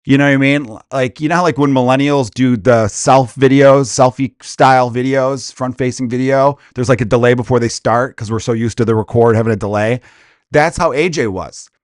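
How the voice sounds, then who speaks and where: On his comedy podcast, a mid-range-voiced man goes on a casual, profane, crude rant, full of energy and quick impressions. The sound is studio quality with no echo.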